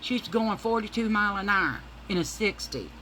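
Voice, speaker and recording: A middle-aged woman with a bright, sharp voice rambles through a story while she does her makeup. She talks casually and swears freely, in a loose, animated manner. Her pitch sits in an ordinary middle range. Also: normal speed, slight background noise, rough recording. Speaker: makeup vlogger.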